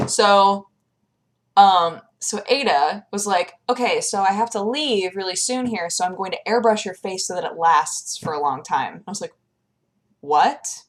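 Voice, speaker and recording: A young woman chatting casually in a vlog, lively and animated, acting out the people she quotes in a higher voice. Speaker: vlogger.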